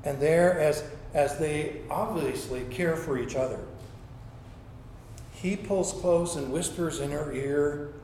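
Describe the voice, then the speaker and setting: A male pastor with a fairly high voice delivers a storytelling sermon. He acts out quoted lines and stumbles into repeated words. The room around him is echoey, with faint ambient noise underneath. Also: slow pace, a little mellow.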